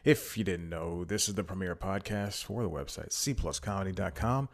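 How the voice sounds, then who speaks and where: Deep-voiced guy rambling on his podcast, kinda out of breath, lots of uh's. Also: normal speed. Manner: rambling, many fillers and self-corrections. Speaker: podcast host. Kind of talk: casual solo podcast chat.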